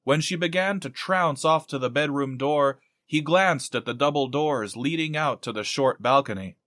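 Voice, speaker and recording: Guy narrating a horror novel, steady, totally dry sound. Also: a little high, normal speed, dry recording. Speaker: audiobook narrator. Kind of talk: audiobook narration.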